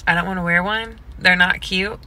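A woman's voice: lowish voice, fairly even intonation, normal speed, sharp tone, slight background noise, low-quality recording. A young woman casually vlogging her day from her car, chatty, swearing freely and poking fun at herself. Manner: profane, chatty and self-mocking. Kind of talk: casual day-in-the-life vlog.

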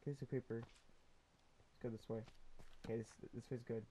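Brisk and mellow, with little pitch movement in his mid-range voice, this young gaming YouTuber narrates a Minecraft session casually. He rambles to the viewers and the mobs, saying um a lot, on a low-quality recording with a little hiss or hum.

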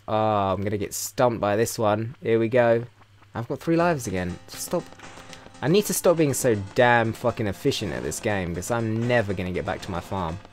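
A man with a British accent giving sarcastic, profanity-laced commentary while playing a video game, often breaking into loud excited yelps. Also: lowish voice. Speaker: let's play host. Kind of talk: casual gameplay commentary.

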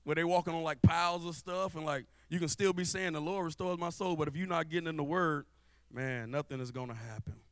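High-voiced man preaching in church. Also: fairly quick, no room sound. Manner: casual, humorous, calls out to the congregation. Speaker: guest preacher. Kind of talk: lively church sermon with spoken-word rap. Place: church sanctuary before a live congregation.

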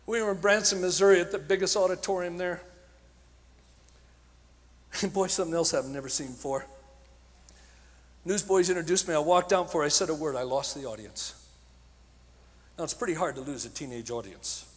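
A man preaching at a conference, telling stories with passion, shouting at times and dropping to a hush at others. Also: on the high side, moderate pace, pauses often. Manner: impassioned storytelling, swinging from shouts to hushed tones. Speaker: evangelist speaker. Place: large conference hall. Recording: long hall reverb.

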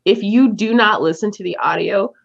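A woman hosting a casual book discussion podcast, laughing often and telling her reactions with animated voices. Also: mid-range voice, normal speed, creaky, lo-fi sound. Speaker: podcast host.

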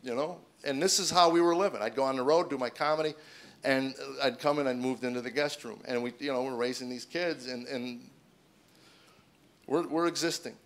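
A middle-aged man doing stand-up comedy as a personal testimony. He tells the story loudly at punchlines and drops to a soft, hushed voice for the serious parts. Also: mid-range voice, brisk. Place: stage in front of a laughing audience.

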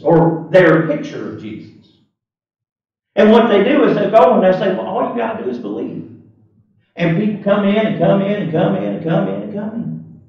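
A male preacher delivering a sermon, swinging from low, steady points up to fervent shouts. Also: distant mic, highs cut off. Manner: impassioned, rising to shouts and dropping low. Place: church sanctuary. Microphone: webcam. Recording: echoey webcam audio from across the room.

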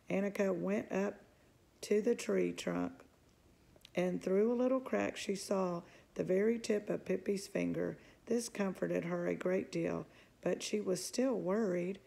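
A woman reading a children's book aloud in a calm, even narrating voice. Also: mid-range voice, unhurried, creaky. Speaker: storybook reader.

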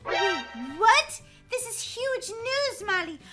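A woman voicing a bossy, excitable teenage fashionista girl who teases and talks in a sing-song way. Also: very high-pitched, slow pace, soft background music, exaggerated voice. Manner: pushy, teasing, sing-song. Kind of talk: voicing a role-play video.

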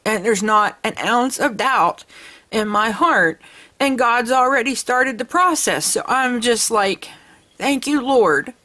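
Excited bright-voiced woman vlogger. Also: on the high side, unhurried. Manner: excited and gushing, laughs often. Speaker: crafting channel host. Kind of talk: casual vlog chat.

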